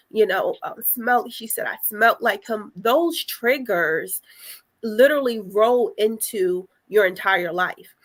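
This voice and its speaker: A young adult woman telling her story on a panel, soft and hesitant, with frequent pauses. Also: medium pitch. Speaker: panel guest sharing survivor story. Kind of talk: personal testimony on a panel.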